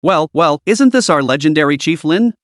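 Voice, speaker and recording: A man's voice: fairly high pitch, lively intonation, normal speed, no echo, studio quality, lightly acted. A man voicing a jealous, sneering young male student who taunts his rivals in a storybook recap. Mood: taunting. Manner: mocking, taunting.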